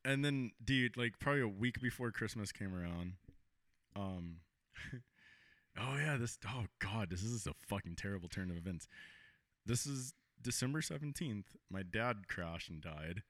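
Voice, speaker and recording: A man's voice: fairly low pitch, animated, moderate pace, a bit bright, no room sound, studio quality. A man co-hosting a podcast, casually telling a story with lots of swearing and frequent laughter. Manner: profane, laughs often while telling stories. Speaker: podcast co-host. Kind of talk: casual chat.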